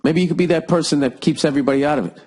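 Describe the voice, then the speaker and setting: A man hosts a solo podcast in a slightly high, slightly mellow voice, racing along as he riffs. He's sarcastic, rambling and swears constantly, with a lingering cough.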